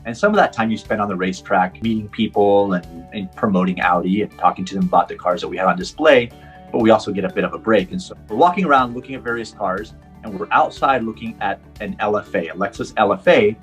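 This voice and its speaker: Fast and low-voiced, a middle-aged Puerto Rican man who drives professionally recounts a personal story during an interview as faint music plays behind. He brings it to life by acting out the dialogue.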